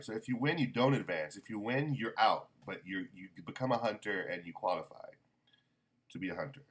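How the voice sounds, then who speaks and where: A man casually reviewing a manga volume, rambling with many ums and self-corrections. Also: on the low side.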